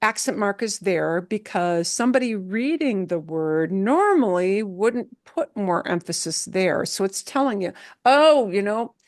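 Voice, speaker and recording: A woman's voice: mid-range voice, animated, a little slow, few pauses, darkish tone, no room sound, studio quality. A woman teaching a Spanish lesson, explaining words patiently and checking in with her listeners as she goes. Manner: patient, checks in with "yeah?" and "okay?".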